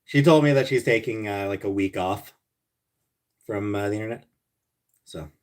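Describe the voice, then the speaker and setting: A man hosting a casual livestream, reading viewer comments and answering bluntly and profanely, with sarcastic jokes, sometimes muttering low and sometimes ranting loudly. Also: normal speed. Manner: blunt and profane, swinging between mutters and loud rants. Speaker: livestream host.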